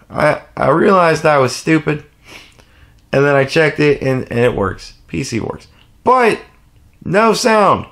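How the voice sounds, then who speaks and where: A man's voice: fairly high pitch, fairly bright tone. A man telling a rambling, profane story in a casual vlog rant. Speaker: vlogger.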